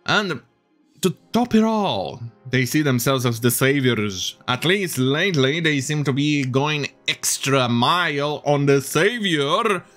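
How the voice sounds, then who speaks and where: A man's voice: a little high, animated, slow, fairly bright tone, soft background music. Sarcastic man ranting about the news. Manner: mocking, swearing, laughs at the news. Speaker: commentary host.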